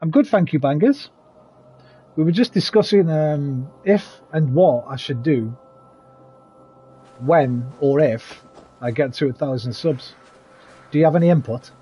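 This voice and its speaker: A gaming streamer chats casually with viewers while playing, greeting them by name and swearing freely. His voice is a little high, expressive and warm, slightly rough, and he talks a bit slowly with frequent pauses.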